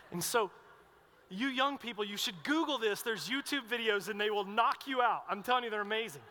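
A young adult man preaching a sermon, telling stories with swings between loud and hushed delivery. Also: sits high, fairly quick, a little hiss or hum. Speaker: pastor. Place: large hall with long reverb. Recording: long hall reverb.

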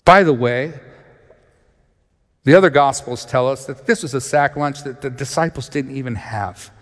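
A man preaching a sermon, reading scripture and retelling it in lively storytelling, acting out the characters' voices. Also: medium pitch, moderate pace, long reverb tail. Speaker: pastor.

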